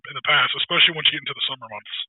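A man co-hosting a wargaming podcast in casual chat, talking fast and bluntly with plenty of knowledge. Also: medium pitch, breathy edge, no echo. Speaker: podcast co-host. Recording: tinny phone-like remote line.

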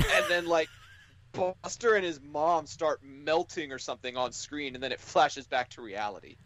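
A man's voice: on the high side, moderate pace, fairly bright tone, dull audio, a little hiss or hum. A man co-hosting a podcast, telling rambling, jokey stories in casual chat. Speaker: podcast co-host.

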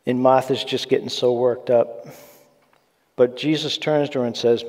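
A man preaching a sermon, earnest and conversational, slipping in asides to his listeners. His voice is mellow and dark, sitting at an ordinary pitch. The sound carries the long reverb of a large church sanctuary. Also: level tone, measured pace.

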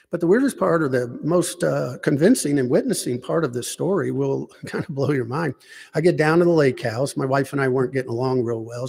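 A man giving a rambling personal faith testimony, halting with many restarts and asides. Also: mid-range voice, vocal fry, darkish tone, in a large hall. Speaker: lay speaker giving personal witness.

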